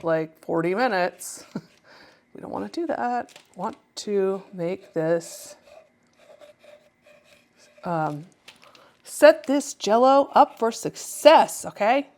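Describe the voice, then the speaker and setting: A woman painter talking casually to viewers as she works, chatty and self-mocking, often laughing at herself. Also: medium pitch.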